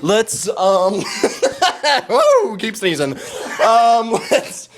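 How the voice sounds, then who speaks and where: A man's voice: sits high, wildly swooping pitch, extremely slow. Giggly man hosting a fake show. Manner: silly, giggly, rambling announcer voice. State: keeps sneezing. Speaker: mock show host. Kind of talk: goofy improvised chat.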